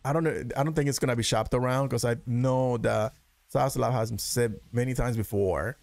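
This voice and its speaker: A man's voice: medium pitch, steady tone, moderate pace, vocal fry, a little mellow, dry recording, faint music behind. A man hosting a casual, profane, rambling commentary show about movie news and trailers. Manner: profane, rambling, laughs often. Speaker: host.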